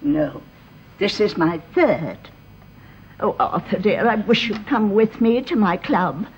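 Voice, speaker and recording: A woman's voice: mid-range voice, expressive, slow pace, highs cut off, slight background noise. Lady Bourne, a genteel old grandmother. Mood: gushing. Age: older. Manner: refined upper-class, vague and gushing. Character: elderly aristocratic grandmother, genteel and fussy. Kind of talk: 1930s-set radio drama.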